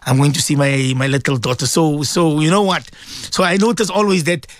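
A man's voice: on the high side, steady tone, normal speed, no room sound, studio quality. A middle-aged man, chatting casually on morning radio and reading out listener messages, with many fillers and repeats. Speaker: radio presenter.

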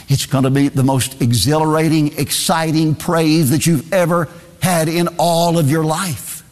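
Male preacher, emphatic and repetitive delivery, somewhat high-pitched, recorded in a big echoing church. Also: fairly even intonation, unhurried, few pauses. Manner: emphatic, repeats key phrases. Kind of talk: sermon.

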